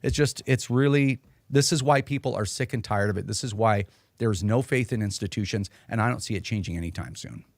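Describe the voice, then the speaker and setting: A man's voice: lowish voice, brisk, dry recording, studio quality. A man hosting casual political commentary, heated and sarcastic, mocking officials in put-on voices. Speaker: host.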